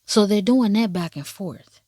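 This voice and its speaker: A woman giving casual drama commentary in an animated, profane, sassy way. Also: medium pitch, measured pace, dry recording, studio quality. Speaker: drama reviewer. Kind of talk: casual watch-along commentary.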